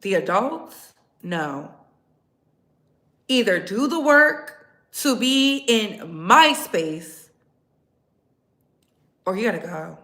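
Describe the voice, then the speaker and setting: A woman's voice: a little high, lively intonation, takes it slowly, long pauses, pushed and bright, reverberant. A woman hosting a casual livestream, blunt and sassy, talking straight to her viewers in the chat. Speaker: livestream host.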